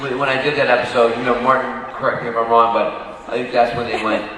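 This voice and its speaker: A man's voice: medium pitch, flat delivery, quick pace, a loud crowd, heavy background noise. A man who is an actor telling rambling anecdotes with many fillers on a convention panel. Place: large convention hall. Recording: echoey hall from far off.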